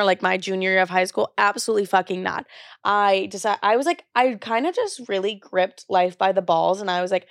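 A woman's voice: mid-range voice, normal speed, dry recording, studio quality. A young woman hosting a podcast, telling her own story in a candid, chatty way, swearing freely and acting out what people said to her. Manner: chatty, profane, animated quoting of others. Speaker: podcast host.

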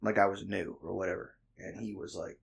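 A man telling a profane, animated story in casual podcast chat, laughing often. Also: sits low, a little fast, vocal fry, husky.

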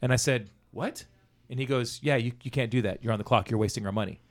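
Speaking quickly in a medium-pitched voice, a man recounts an old job with plenty of swearing. It's casual, animated storytelling, with him performing the quoted lines himself.

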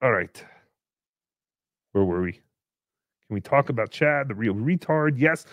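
A man hosting a casual livestream, reading paid chat messages aloud in a mocking tone, swinging between shouts and mutters. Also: on the low side, sing-song, normal speed, long pauses, dry recording, studio quality.

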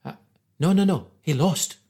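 A man's voice: fairly high pitch, moderate pace. A man telling a rambling story in casual chat, laughing and acting out voices. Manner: animated, laughs through his stories, acts out voices.

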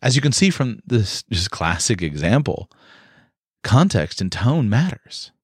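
A man giving an instructional talk on communication, explaining in a measured way with occasional fillers. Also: on the low side, very animated, slightly rough, no room sound, studio quality.

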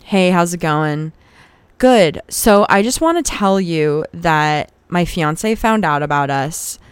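This podcast host, a young woman, speaks slowly in a lowish, smooth voice with lively intonation. She recounts a personal story with frank, profane casualness, growing heated as she replays arguments. There's no echo.

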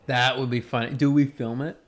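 A man's voice: medium pitch, level tone, a little fast. A man co-hosting a podcast in laid-back, slangy casual chat. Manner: laid-back, slangy, says dude a lot. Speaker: podcast co-host.

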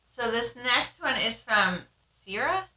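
A woman co-host reads listener letters aloud in a bright voice, stumbling now and then. Between readings she rambles casually with lots of fillers. The room around her is echoey. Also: a little high, animated, takes it slowly. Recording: roomy echo.

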